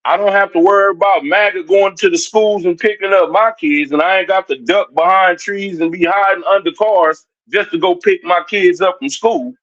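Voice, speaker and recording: A high, slightly bright male voice with fairly even intonation moves at a normal speed with few pauses. The livestream commentator confronts his chat directly in a heated rant, hammering the same points repeatedly over dull lo-fi stream audio.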